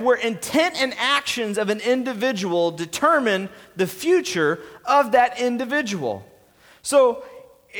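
A man's voice: sits high, fairly bright tone. A man preaching a sermon as pastor, joking casually and calling on the congregation to finish his lines. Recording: reverberant church hall.

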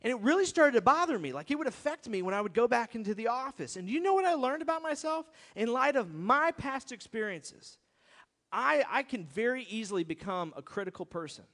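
This middle-aged man's high, fairly bright voice carries a conversational, emphatic sermon through the long reverb of a church hall. A pastor, he frequently addresses his listeners with rhetorical questions.

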